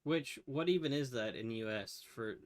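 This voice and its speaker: A podcast co-host on a remote call, chatting casually with quick reactions and retelling a sitcom scene. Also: medium pitch. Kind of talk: casual chat. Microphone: muted mic on a remote call.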